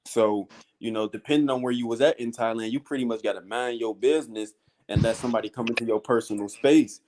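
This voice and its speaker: A man on a podcast casually telling a story in slang, calling his listeners "bro". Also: fast talker. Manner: animated storytelling with slang, often acting out high-pitched voices. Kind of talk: casual chat.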